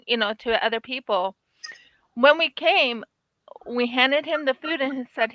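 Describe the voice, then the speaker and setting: A woman's voice: high-pitched, unhurried, no room sound. A woman in casual chat, agreeable and chatty, telling short personal stories. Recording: dull lo-fi dry recording.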